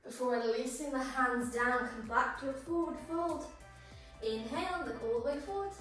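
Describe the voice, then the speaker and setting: A woman's voice: high voice, moderate pace, a bit bright. A woman yoga instructor, slightly out of breath, encouragingly cueing breaths and poses through a flow. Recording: very echoey room, voice far from mic, music behind.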